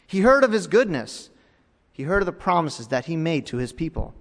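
A male pastor delivers a sermon in a fairly high voice, dropping to near-hushed tones and then rising into emphatic, louder passages. His words ring out with a long reverb, as if recorded in a large church hall. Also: very animated, normal speed. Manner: dramatic preaching that swings between hushed and raised.

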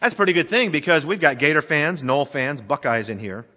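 A middle-aged male pastor preaching a sermon in a church, dramatically swinging between emphatic and hushed delivery. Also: a little high, brisk. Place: church sanctuary. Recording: long reverb of a large church hall.

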